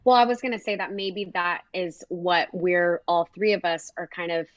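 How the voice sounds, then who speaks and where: A woman co-hosts a podcast in casual, animated chat, laughing and jumping up into high exclamations. Her voice sits a little low, and the recording is dry and slightly muffled. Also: moderate pace, no room sound. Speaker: podcast co-host.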